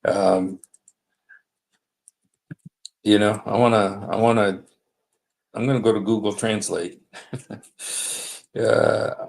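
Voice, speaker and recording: A man with a low, gravelly voice hosts a casual livestream. He reads passages aloud slowly, stopping often with fillers and apologies. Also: flat delivery, a little mellow. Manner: halting, many fillers and apologies. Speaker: livestream host. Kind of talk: casual livestream commentary reading texts aloud. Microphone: desktop streaming mic.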